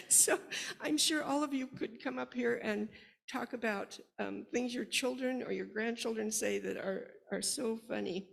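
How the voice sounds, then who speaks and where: Slow, gravelly older woman telling stories. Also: fairly high pitch, fairly bright tone. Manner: laughs often while telling family stories. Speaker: congregation member sharing stories. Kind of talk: personal storytelling at a worship service. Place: congregation's worship space. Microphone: microphone.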